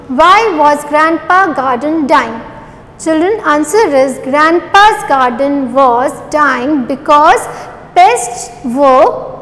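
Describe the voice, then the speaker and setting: A woman's voice: very high voice, a bit bright, big-room sound, poor audio. A woman teacher revising a lesson with young children, spelling words out letter by letter and repeating each answer. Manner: asks questions then repeats the answers.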